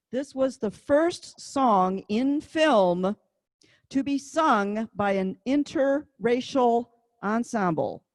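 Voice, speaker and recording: Woman music teacher, unhurried and chatty, calls out fingering numbers, dry close sound. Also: fairly high pitch, darkish tone, no room sound. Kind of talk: online class instruction.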